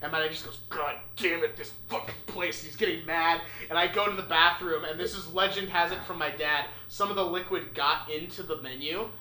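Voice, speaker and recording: A young man casually telling a funny story, animated and swearing, acting out the people in it. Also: fairly high pitch, a little fast, few pauses. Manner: animated, swearing, acts out voices. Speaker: podcast host. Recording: echoey room with faint noise.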